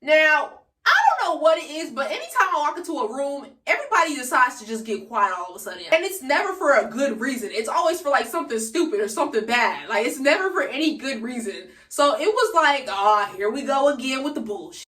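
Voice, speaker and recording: Animated teen girl telling a storytime. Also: high-pitched, brisk, recorded from a distance. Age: late teens. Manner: chatty, slangy storytelling, addresses viewers directly. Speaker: vlogger. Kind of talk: casual storytime vlog. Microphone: phone camera. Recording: echoey room, away from the mic.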